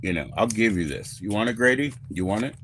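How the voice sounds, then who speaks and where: This livestream host, a man in his forties, rambles and swears offhandedly to viewers while cooking in his home kitchen. His fairly low voice is animated, quick and a bit bright, on a rough recording with slight background noise.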